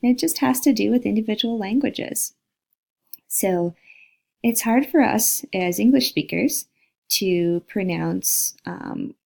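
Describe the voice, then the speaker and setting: Her voice is mid-range with vocal fry and a darkish tone as she lectures on linguistics. Moving through her slides in a recorded talk, the instructor voices example words to model each sound.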